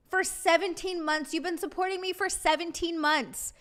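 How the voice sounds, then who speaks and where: A woman's voice: very high voice, steady tone, normal speed, a bit bright. A woman streamer chatting casually with her viewers while eating, often giggling. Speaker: live streamer. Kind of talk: casual live-stream chat.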